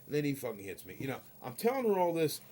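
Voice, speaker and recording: A man's voice: a little high, wildly swooping pitch, fast talker, a little mellow, a little hiss or hum. A man ranting in a vlog, telling a story in a rambling, profane and heated way, often asking "you know what I mean". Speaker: vlogger.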